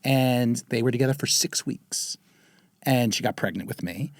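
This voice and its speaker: A man in his fifties from the Bronx, a guest telling his family story in a casual interview, lively and acting out what others said. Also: normal speed, no room sound, studio quality. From the Bronx, New York. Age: 50s. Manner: animated storyteller, acts out quotes with pitch jumps. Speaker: guest, TV writer.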